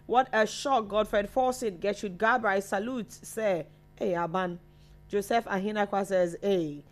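A woman's voice: medium pitch, steady tone, a little slow. A Ghanaian woman co-hosting a live online chat show, chatting as she reads out viewer names and messages. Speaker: co-host reading viewer comments.

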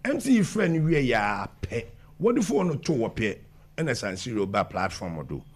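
Animated man, lively pitch. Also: moderate pace, slightly rough. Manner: mixes English with Twi, talks over the interviewer. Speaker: interviewee. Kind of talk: animated conversational interview.

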